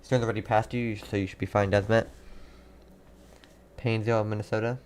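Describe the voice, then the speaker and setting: A young man hosting a live storm-coverage stream, casually reading out viewers' towns and warnings, halting now and then. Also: on the low side, flat delivery, clean tone. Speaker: livestream weather host.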